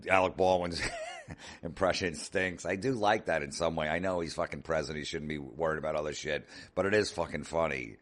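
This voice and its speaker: A man with an extremely deep, low voice rants his way through a comedy podcast monologue. He talks sarcastically, swears constantly and keeps telling listeners to relax. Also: fairly bright tone. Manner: profane, sarcastic ranting. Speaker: podcast host.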